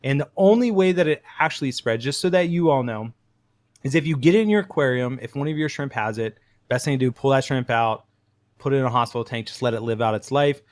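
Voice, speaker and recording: A man who is a podcast guest, explaining things in a friendly, casual way with quick asides. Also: mid-range voice, lively intonation, no room sound. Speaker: podcast guest, shrimp breeder.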